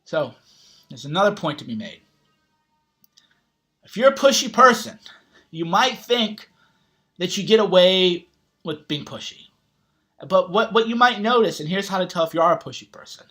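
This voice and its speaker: A man's voice: high-pitched, sharp tone. A man giving a blunt motivational talk, swearing often and tossing in "right?" as he rambles through his points. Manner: blunt, heavy swearing, casual slang; rambling, with frequent "right?" asides. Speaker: self-help author and vlogger.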